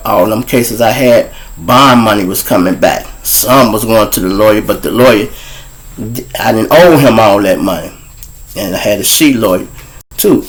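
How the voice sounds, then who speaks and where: A Chicago man with a local accent spins a profane street story for his show's listeners. His middle-pitched voice swings up and down as he gets into it. He keeps speaking straight to his audience. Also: poor audio. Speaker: host and storyteller.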